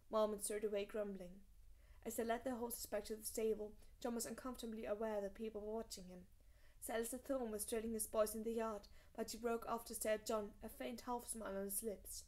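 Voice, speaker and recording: A woman reading a fantasy novel aloud as an audiobook narrator, steady and measured. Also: on the high side. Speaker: audiobook reader.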